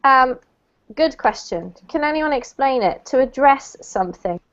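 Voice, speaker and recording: A woman's voice: sits high, expressive, unhurried, dull audio. A woman teaching an English lesson, patiently explaining meanings and word stress to her students. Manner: patient, explains pronunciation step by step. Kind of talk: online language lesson.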